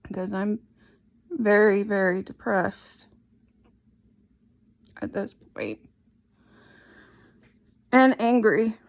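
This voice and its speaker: A middle-aged woman slowly and haltingly retelling a painful personal story. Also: medium pitch. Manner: slow, halting, emotional retelling. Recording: dull lo-fi recording.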